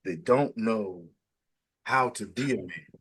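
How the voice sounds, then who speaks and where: Middle-aged guy interviewing, preachy and emphatic, lowish voice, jumps up high to make a point. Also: slow, breathy edge. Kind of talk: casual interview chat.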